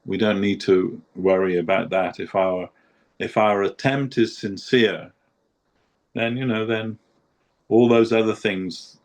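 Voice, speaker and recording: A man giving a devotional talk in an earnest, humble, prayerful manner. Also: sits low. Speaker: devotee speaker.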